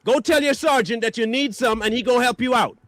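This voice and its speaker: A man's voice: very high voice, quick pace, fairly bright tone, dry recording. A man hosting a stream, delivering an angry, mocking reaction rant full of insults. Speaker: stream host.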